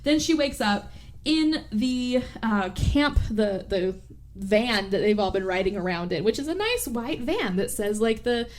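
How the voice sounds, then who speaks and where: Woman, podcast host, casual movie recap, chatty and quick, a bit high voiced, faint hiss. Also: animated. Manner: chatty, fast, full of "like" and "right?".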